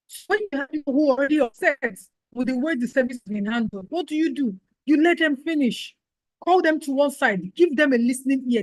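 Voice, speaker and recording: Lively woman giving a training talk. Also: high voice, dry recording, poor audio. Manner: lively, acts out customer and staff exchanges. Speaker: customer service trainer. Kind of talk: workshop lecture.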